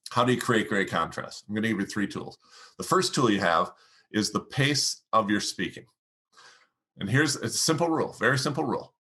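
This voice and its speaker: A middle-aged man, a podcast guest, explaining public speaking and demonstrating it by swinging his pitch and volume as he talks. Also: bright, forceful tone, breathy edge.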